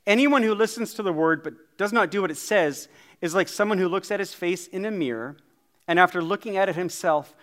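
A middle-aged man preaching with a fairly high voice. He talks loosely and jokes at his own expense as he works through the scripture. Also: a little fast, a bit bright. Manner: chatty, self-deprecating storyteller. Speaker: pastor. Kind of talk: sermon.

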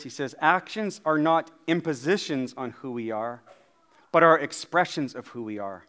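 Chatty pastor preaching. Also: male voice, on the high side, a bit bright. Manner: chatty, self-deprecating storyteller. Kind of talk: sermon.

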